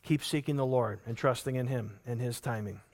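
A man preaching a sermon, telling a parable with lively acted-out voices and earnestly urging his listeners with repeated questions. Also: medium pitch, fairly quick. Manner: animated storytelling, acting out characters in the parable.

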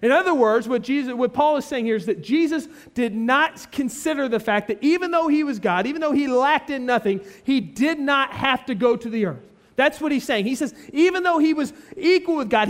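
A man preaching an expository sermon, explaining a passage with earnest emphasis and frequent restating in other words. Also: very high voice.

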